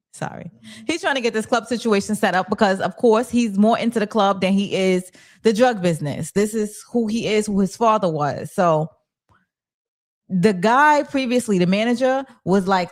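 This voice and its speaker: Female recap host, casual and animated, acts out every character's line, pitch sitting mid-range for a woman. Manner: animated storyteller, acts out characters' lines, reads viewer chat.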